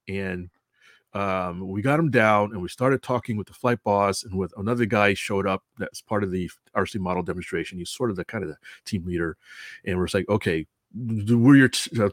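A man's voice: fairly low pitch, brisk, no room sound, clean studio sound. A man telling a casual story about announcing at a model airplane show. He rambles, corrects himself often and chuckles as he goes.

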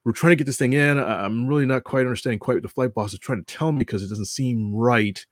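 A man's voice: mid-range voice, fast talker, no room sound, clean studio sound. A man telling a casual story about announcing at a model airplane show. He rambles, corrects himself often and chuckles as he goes.

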